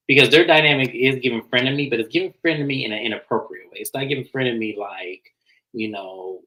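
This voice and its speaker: A man casually recapping and reviewing a reality TV episode, animated and slangy, acting out what people said. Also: medium pitch, a little fast, rough recording. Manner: animated, acts out quotes, slangy.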